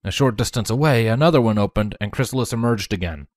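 A woman's voice: extremely low pitch, expressive, fast, a little mellow, no room sound, clean studio sound. A woman narrating a fan-fiction story aloud, reading expressively and voicing every character.

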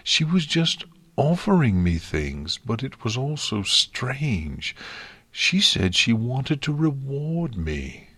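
A frightened young unicorn mare, her voice lifted well above a deep reader's tone, whimpering and sniffling through her words, as a man puts her on. She speaks slowly and shakily in a dry, close storybook reading. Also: big pitch swings, a bit bright, slightly rough, no room sound, exaggerated voice. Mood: distraught. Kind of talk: audiobook fan fiction reading.

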